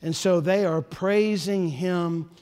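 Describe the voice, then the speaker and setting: Slow and steady with a clean tone, a high-voiced man preaches a sermon as a pastor in a church would. Passion pushes him loud, then he falls to near-whispers, each phrase followed by a long reverb.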